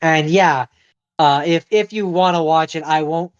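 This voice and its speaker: Hesitant male co-host, smooth voice, dry slightly dull close-mic sound. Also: fairly high pitch, measured pace. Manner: hesitant, many ums. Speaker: podcast co-host. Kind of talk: casual podcast chat.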